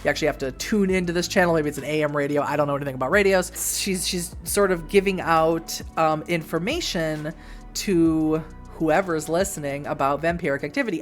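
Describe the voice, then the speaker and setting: A woman's voice: sits low, brisk, faint music behind. A woman vlogger rambling through a show recap in a giggly, self-deprecating way.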